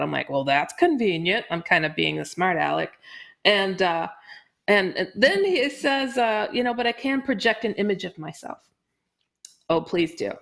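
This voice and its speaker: A middle-aged woman, a podcast guest, telling a story in casual interview talk and acting out the quoted lines in a higher, faster voice. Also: fairly bright tone.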